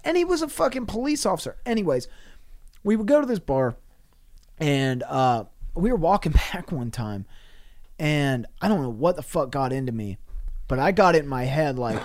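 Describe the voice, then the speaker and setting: A man with a somewhat high voice tells a profane, rambling story in a relaxed podcast chat. He laughs through his own lines and jumps between loud, excited bursts and low, muttered asides. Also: moderate pace. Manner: profane, laughing anecdotal delivery. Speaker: podcast co-host. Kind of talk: casual comedic storytelling.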